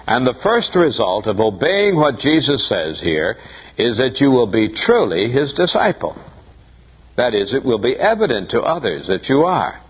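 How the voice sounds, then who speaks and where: Husky, lively-voiced male preacher. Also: medium pitch. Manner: emphatic, rising on quoted scripture. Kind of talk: expository sermon. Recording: muffled dull recording.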